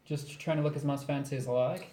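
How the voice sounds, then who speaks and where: A man playing a tabletop game, talking quietly with mumbled in-character asides. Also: mid-range voice, fairly even intonation, fast, echoey room. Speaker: player.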